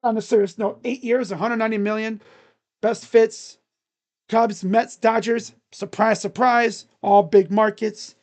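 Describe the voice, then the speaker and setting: Sports live-stream host, casual commentary, jokey, rambling, middle pitch. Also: flat delivery, unhurried. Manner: jokey, rambling, breaks into shouted bits.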